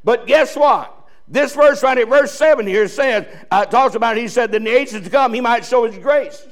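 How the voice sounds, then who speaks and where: A man preaches a sermon in a folksy, joking way, chuckling and restarting his sentences. His voice sits high and carries a gravelly rasp. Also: moderate pace. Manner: folksy, joking preaching with laughs and repeated starts. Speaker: pastor.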